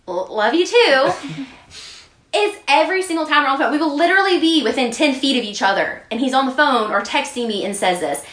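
A woman co-hosting a podcast, telling funny stories in a casual, animated way and laughing often. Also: high voice, fast talker. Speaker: podcast co-host. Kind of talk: casual chat. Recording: roomy echo.

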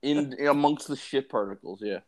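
A young man co-hosting a podcast, trading crude jokes in casual banter, laughing, swearing and clearing his throat often. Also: mid-range voice, moderate pace, over a noisy crowd. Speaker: podcast co-host.

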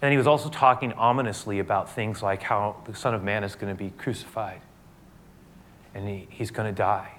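Male pastor, low voice, casual preaching that swells when quoting scripture. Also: fairly even intonation, a little fast, a bit bright, slight background noise. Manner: conversational, restarts phrases, rises in pitch and volume when quoting scripture. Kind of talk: sermon.

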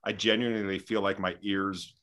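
A man appearing as a podcast guest, self-mocking and quick to laugh. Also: deep voice, flat delivery, fairly bright tone. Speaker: podcast guest, content creator. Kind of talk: casual chat.

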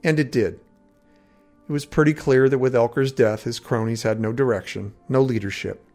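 A man narrating a first-person fantasy adventure story in a dramatic, steady way. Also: medium pitch, moderate pace. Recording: faint background music.

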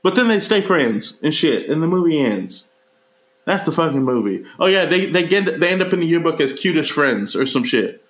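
A man co-hosting a casual, profane movie review chat, leaping into high mocking voices when he retells scenes. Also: normal speed. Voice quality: animated, jumps into high mocking voices for quoted characters. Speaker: podcast co-host reviewing a movie. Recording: roomy echo.

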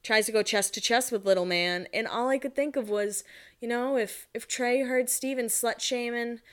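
A woman's voice: a little high, moderate pace, clear, resonant tone. A woman in her twenties recapping a reality show in casual chat. She swears often and acts out the quotes. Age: 20s.

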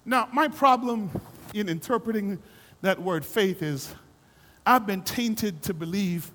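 Man preaching, very high voice, bright, sermon with rising shouts, long church reverb. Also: slow pace. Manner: preaching that swells into fervent shouting. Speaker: pastor.

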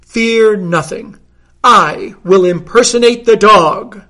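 A man's voice: sits high, slow, pushed and bright, voice pushed up, exaggerated voice. A reader voicing a pompous, self-assured great detective who declares his reasoning in a grandiose, declamatory way. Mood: grand.

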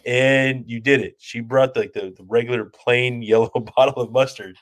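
A man co-hosting a podcast, telling stories in a relaxed, chatty way. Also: mid-range voice, normal speed. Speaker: podcast co-host. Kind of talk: casual storytelling chat.

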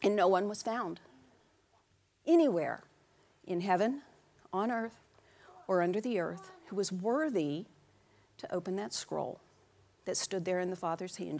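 A woman preaching a sermon in a church, animated and playful, calling out to the congregation in loud bursts and acting out quotes in put-on voices. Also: medium pitch, moderate pace, long pauses.

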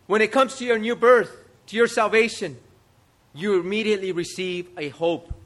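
Male pastor, sermon delivery, very high pitch, rhetorical questions and repetition. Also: steady tone, normal speed, a bit bright. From United States. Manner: emphatic rhetorical questions, repeats phrases.

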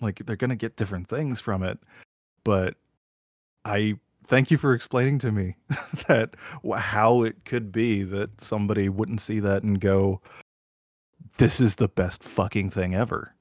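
A man casually recounting a TV scene on a podcast, animated and profane, swearing freely. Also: fairly low pitch, no echo, clean studio sound. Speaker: podcast host. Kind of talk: casual chat, retelling a show scene.

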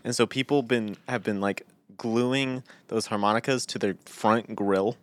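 A man's voice: fairly low pitch, steady tone, a little slow, no echo. A man co-hosting a podcast in casual chat, joking and laughing often mid-sentence. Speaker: podcast co-host.

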